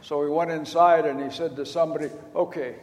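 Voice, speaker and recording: A man's voice: on the high side, fairly even intonation, fairly quick, darkish tone, muffled recording. An older man giving a sermon, retelling a story in a folksy way and acting out the quoted lines. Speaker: preacher. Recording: long hall reverb.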